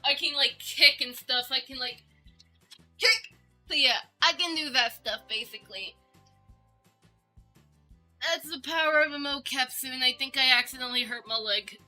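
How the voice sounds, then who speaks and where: Giggly woman streamer, high voice, super bright sharp tone, soft music behind. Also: moderate pace. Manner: bubbly and giggly, chatting to viewers. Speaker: VTuber streamer. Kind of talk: casual livestream chat. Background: faint background music.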